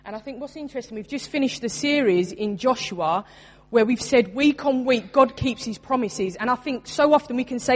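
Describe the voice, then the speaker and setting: A woman's voice: on the high side, normal speed. A woman in her thirties preaching a sermon, earnest and emphatic, mixing scripture with her own story. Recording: long reverb in a large room.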